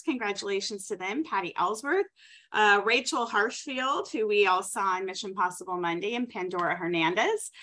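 A woman hosting a team recognition call, reading out names quickly and cheerfully, apologizing for rushing and running short of breath. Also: a little high, pushed and bright. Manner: upbeat, hurried, apologetic about rushing.

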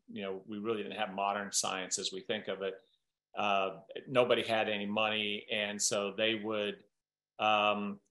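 A man in his fifties from Southern Iowa, a chemist and company co-founder, telling a story on a training call in a relaxed, halting way with many fillers and restarts. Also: lowish voice, roomy sound. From Southern Iowa, USA.

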